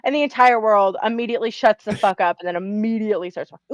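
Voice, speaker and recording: A woman's voice: mid-range voice, fast talker, hardly any pauses, dry recording, low-quality recording. A woman playing a tabletop game, casually describing her character with lots of fillers. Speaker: player.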